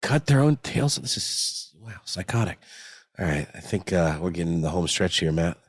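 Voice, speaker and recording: Excitable male podcast co-host, swooping pitch, dry close sound. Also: normal speed, husky, no echo. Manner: excitable exclamations, mock-solemn asides. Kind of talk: casual podcast chat.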